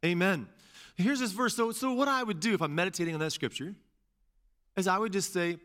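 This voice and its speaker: Animated man preaching a sermon. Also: sits high, a little fast. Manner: animated, repeats phrases for emphasis; conversational with asides. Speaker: pastor.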